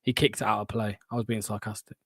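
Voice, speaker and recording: A man's voice: fairly low pitch, flat delivery, fast, vocal fry, fairly bright tone, breathy edge, dry recording, clean studio sound. A young man hosting a fan watchalong, giving live play-by-play with blunt, sarcastic asides and swearing.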